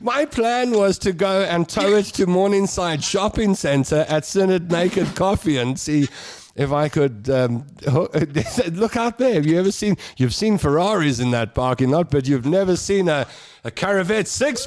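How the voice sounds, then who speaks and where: Man, radio host, casual banter, animated pitch. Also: moderate pace, over music. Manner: laughs a lot, reads out listener comments.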